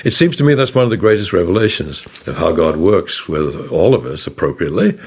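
A man leading a Bible study discussion, retelling scripture with animated storytelling and acted-out voices. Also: low voice, brisk, husky. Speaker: author and discussion leader.

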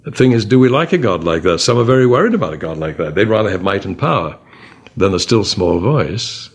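Lively-voiced man leading a Bible class. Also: on the low side, a little fast, husky. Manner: animated, full of rhetorical questions. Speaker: Bible study leader. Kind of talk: discussion-led Bible class.

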